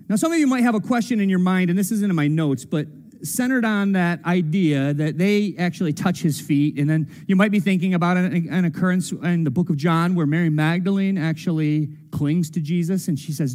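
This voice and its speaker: A man's voice: high-pitched, moderate pace, darkish tone, in a large hall. A man preaching a sermon as a pastor, casual and joking, with playful quoted voices. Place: church sanctuary.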